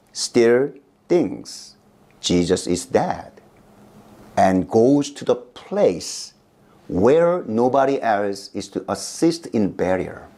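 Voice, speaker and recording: A middle-aged male pastor with a Korean accent, preaching a sermon in a slow, emphatic way. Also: darkish tone. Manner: slow, emphatic delivery with big pitch swings.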